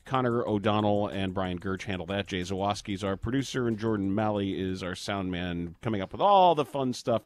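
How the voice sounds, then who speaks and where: A man's voice: fairly low pitch, a little fast, hardly any pauses. A man hosting a sports talk show, chatting casually with bursts of mock outrage. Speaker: sports radio host.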